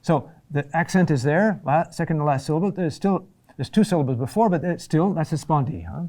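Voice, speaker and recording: A man teaching a class on chant, slow and halting, often repeating key words and checking in with "huh?". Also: on the high side, animated, a little mellow. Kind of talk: classroom lecture.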